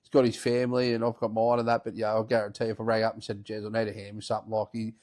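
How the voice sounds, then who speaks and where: A man with an Australian accent, a podcast co-host casually telling a story in animated, swear-heavy language. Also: lowish voice, very fast. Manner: animated, profane yarn-spinner.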